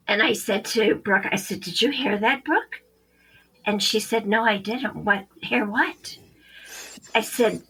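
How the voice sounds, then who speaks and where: A woman's voice: medium pitch, vocal fry, sharp tone, breathy edge, poor audio. A woman psychic medium, a podcast guest, telling a story animatedly and acting out the quoted dialogue.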